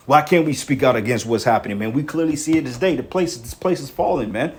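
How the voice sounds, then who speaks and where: A man's voice: medium pitch, expressive, fast, few pauses, darkish tone. A man delivering an angry, profane preaching rant, repeating himself and tagging lines with "man". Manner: heated, repetitive, swearing, ends lines with "man".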